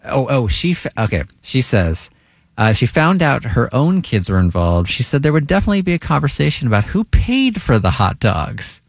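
A man's voice: mid-range voice, very animated, normal speed, vocal fry, no echo, studio quality. A man co-hosting a radio show, reading listener stories aloud with amused asides. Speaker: radio co-host.

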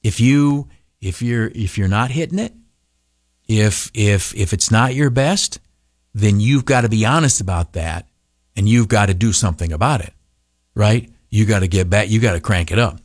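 A male radio broadcaster giving an animated motivational talk, often stopping on filler uhs and breaking into mocking high voices. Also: moderate pace, no echo, studio quality.

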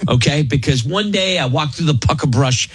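Man, middle-aged, radio host, husky, animated pitch, self-mocking stories, faint music behind. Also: normal speed, no room sound. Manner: rambling, self-mocking storyteller; frequent restarts and oaths. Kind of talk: casual radio banter.

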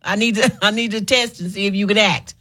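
A woman's voice: mid-range voice, fairly even intonation, a little fast, pushed and bright. A woman hosting a call-in radio show, playful and bossy, laughing often as she chats. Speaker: radio talk show host. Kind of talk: casual call-in chat.

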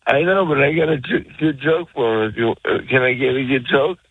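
Male radio caller, husky voice, rambling and mumbly, heard over a tinny phone line. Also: mid-range voice, brisk, dry recording.

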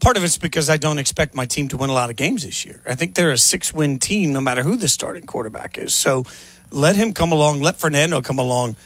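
A man hosting a sports radio show, talking in an emphatic, animated way. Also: fairly high pitch, fast, slightly rough. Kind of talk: casual sports radio talk.

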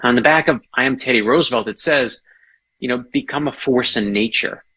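A man's voice: mid-range voice, fairly quick, sharp tone, slightly rough. A man, an author and guest, telling history stories enthusiastically in casual interview chat. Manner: enthusiastic, storytelling.

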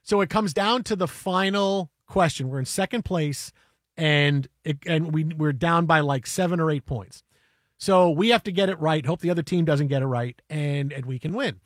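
A male radio host telling a story in animated chat, getting excitable and breaking into shouts and chants. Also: a little high, normal speed, no room sound, studio quality.

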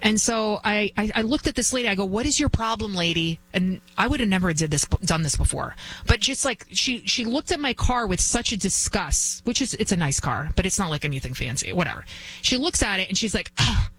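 A woman in her forties hosting a talk radio show, telling a story in an indignant, animated way. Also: medium pitch, brisk, a little hiss or hum, poor audio. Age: 40s.

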